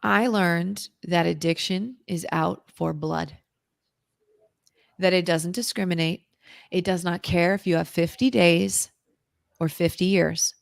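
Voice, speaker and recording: A woman, a guest on an interview show, telling an intense personal story in a vivid, dramatic way, at times dropping to a hushed whisper. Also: lowish voice, creaky, no room sound, clean studio sound. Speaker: interview guest, recovery author.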